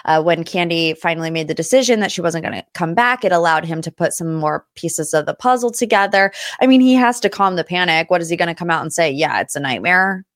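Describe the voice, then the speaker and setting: A woman's voice: lowish voice, fast, hardly any pauses, dry recording, clean studio sound. A young adult woman hosting a casual pop culture podcast, chatty and gossipy. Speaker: podcast host.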